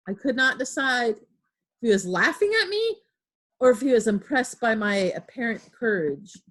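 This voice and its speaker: A teacher reading a novel aloud to her students, clear, with small slips and restarts. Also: medium pitch, big pitch swings, normal speed, a bit bright.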